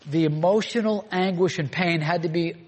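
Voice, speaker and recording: A man's voice: a little high, moderate pace, breathy edge. A man preaching a sermon, earnest and full of rhetorical questions to the congregation. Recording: long hall reverb.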